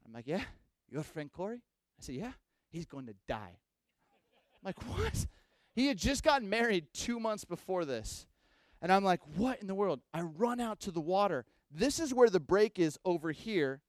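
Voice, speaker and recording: A man with a fairly high voice delivers a sermon as a lively storyteller, jumping from loud bursts to hushed asides. The sound is dry and close, with no room around him. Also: normal speed, no room sound. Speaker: pastor.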